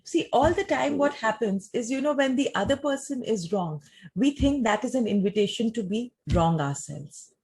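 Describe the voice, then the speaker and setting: A woman gives a talk and answers audience questions in a measured, explanatory way, often using rhetorical questions. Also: on the high side, animated, darkish tone, slightly rough.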